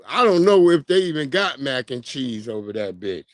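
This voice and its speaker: A man hosting a livestream, giving loud, profane, mocking reactions in casual commentary. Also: mid-range voice, sing-song, moderate pace, no room sound, studio quality. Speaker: livestream host.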